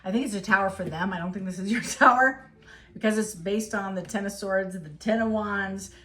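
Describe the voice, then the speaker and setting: A woman's voice: medium pitch, fairly quick, a bit bright. A woman giving a casual tarot reading, talking straight to the viewer in an encouraging, emotional way. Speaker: tarot reader.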